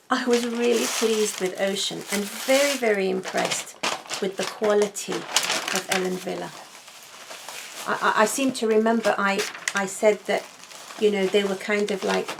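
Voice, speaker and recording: Woman chatting slow and cozy, lots of vocal fry, gushy, repeats herself. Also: medium pitch, noisy background. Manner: chatty and gushing, repeats words for emphasis. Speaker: wig vlogger. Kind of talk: relaxed intimate chat.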